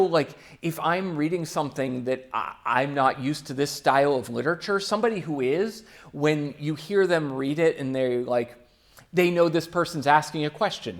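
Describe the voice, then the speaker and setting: A young man giving a casual, chatty church talk, with quick asides and frequent fillers. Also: a little high. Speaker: church speaker.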